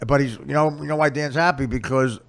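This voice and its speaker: Podcast host: fast-talking man, crude roasting humor, mid pitch. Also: fairly even intonation, gravelly. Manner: crude, roasting, rapid-fire. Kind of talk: casual comedy podcast banter.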